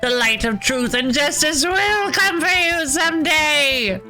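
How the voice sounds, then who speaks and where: A woman voicing a paranoid conspiracy ranter in a game, loud, theatrical and accusing. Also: sits high, expressive, a little slow, soft background music, pitched above the performer's own voice, heavily acted, rough recording. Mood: ranting. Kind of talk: voicing game characters on stream.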